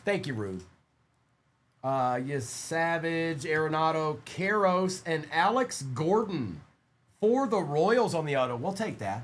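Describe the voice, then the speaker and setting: An upbeat, chatty man hosts a live-stream card break. His voice sits a touch high as he greets viewers and rattles off player names in quick succession while ripping packs. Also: animated.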